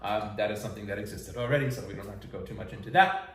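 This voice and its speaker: A man's voice: fairly low pitch, very fast, fairly bright tone. A man teaching a songwriting lesson, explaining lyrics with enthusiasm. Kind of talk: song analysis lesson. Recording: roomy echo, faint music.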